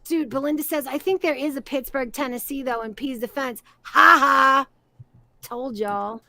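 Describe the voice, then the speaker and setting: A woman hosting a livestream in loose, excitable chat, swearing freely and tossing in "yo" and "dude". Her voice sits high with a gravelly fry, and she talks at an unhurried pace. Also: no echo. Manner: excitable, profane, says "yo" and "dude" a lot. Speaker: streamer hosting a reaction stream.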